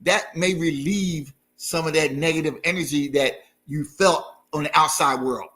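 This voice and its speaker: An easygoing man co-hosting a talk show, his voice pitched a touch high. He agrees readily with his co-host. He gives calm, encouraging advice. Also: normal speed. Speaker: marriage podcast co-host. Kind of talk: casual chat.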